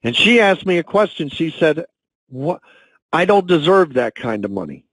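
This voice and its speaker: A man's voice: a little high, very animated, a bit bright, no echo, low-quality recording. Dry-sounding man telling motivational stories. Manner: emotional, storytelling, slows down when moved. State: choked up. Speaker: national sales and training director. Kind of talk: motivational corporate talk. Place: conference call.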